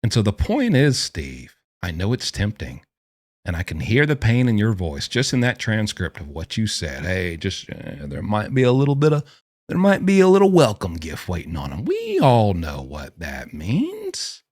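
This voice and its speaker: A man who is a former prisoner giving an animated, ranting commentary full of emphatic rhetorical questions. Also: fairly low pitch, normal speed, no room sound, clean studio sound. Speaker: vlogger and former prisoner explaining prison life.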